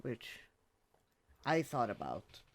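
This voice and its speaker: A man talks slowly through a casual podcast chat about a film, stopping and restarting his sentences as he goes. His pitch sits in an ordinary middle range. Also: very animated. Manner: hesitant, restarts phrases. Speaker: podcast co-host. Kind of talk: casual movie discussion.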